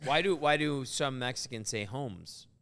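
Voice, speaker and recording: A man's voice: medium pitch, unhurried, a bit bright, smooth. A man hosting a comedy podcast, joking crudely and laughing a lot in casual chat. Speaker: podcast host.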